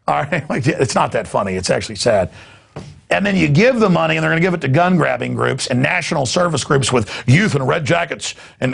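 Host, male, gravelly and husky, rambling sarcastic news rant. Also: a little high, animated, fairly quick. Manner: sarcastic, rambling, laughing asides.

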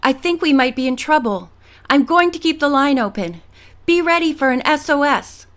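A woman reading the part of a male boat captain who shouts urgent orders over a storm, in an audiobook. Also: on the high side, lively intonation, measured pace. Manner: urgent, raised voice.

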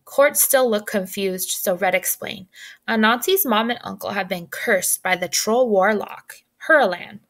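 Gravelly-voiced woman reading a children's story. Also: medium pitch, measured pace, a bit bright. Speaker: storybook narrator.

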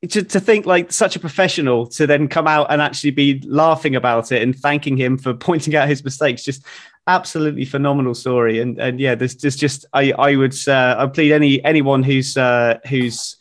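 A man hosting a podcast, asking his guest a question in a halting, friendly way, with many restarts. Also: mid-range voice, steady tone. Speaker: podcast host. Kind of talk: casual interview chat.

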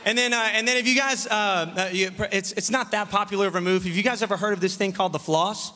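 A man leading a lively children's revival service, joking and teasing the kids while he gives them actions and call-and-response lines. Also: high-pitched, fast. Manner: playful, teasing, loud leader of a crowd of kids. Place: large church sanctuary. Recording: reverberant church hall, faint room noise.

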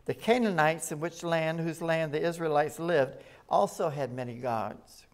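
A man's voice: on the high side, normal speed. A man preaching an evening sermon at a rescue mission, talking plainly to the congregation and reading scripture aloud with rising emphasis.

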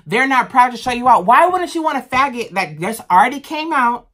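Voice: mid-range voice, sing-song, fairly quick, pushed and bright. A vlogger ranting to camera in a heated, emphatic and profane way, blunt and full of slang. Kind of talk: impassioned rant to camera.

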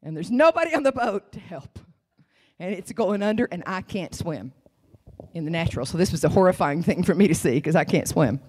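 A woman preaching a sermon in a church. She tells her story dramatically, dropping to whispers and jumping to high cries. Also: lively intonation, fairly quick, darkish tone, breathy edge. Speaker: guest preacher.

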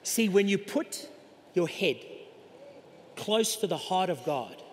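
A middle-aged male pastor preaching a sermon in an animated way, acting out the voices of people in the congregation. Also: high voice, takes it slowly, a little hiss or hum. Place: large church hall. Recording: long hall reverb.

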